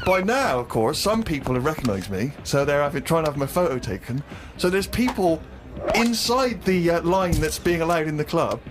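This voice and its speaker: A man's voice: on the high side, very animated, moderate pace. Man telling a comic story over noise. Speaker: podcast co-host.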